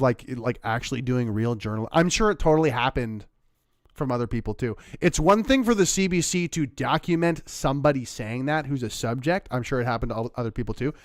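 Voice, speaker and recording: A man from Canada giving sarcastic, animated commentary while reacting to a news clip. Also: medium pitch, no echo, studio quality. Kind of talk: casual political commentary.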